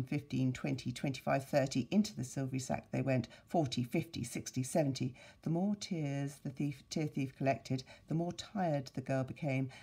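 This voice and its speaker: A woman teacher reading a story aloud to her pupils, expressive and playful with sound effects and asides. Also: a bass voice, creaky, breathy edge. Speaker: primary school teacher.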